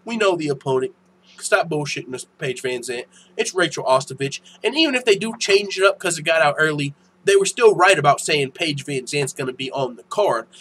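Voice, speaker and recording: A young man hosting a casual MMA news channel, ranting in a profane, animated way that turns heated and loud. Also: fairly high pitch, a little hiss or hum, low-quality recording. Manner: profane, animated, quick to get heated and shout.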